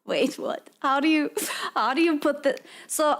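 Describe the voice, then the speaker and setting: A woman hosting a casual live stream, her voice high and bright in pitch. She talks in an unhurried, drawn-out way, giggling often and playfully sounding out words as she chats. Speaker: streamer host.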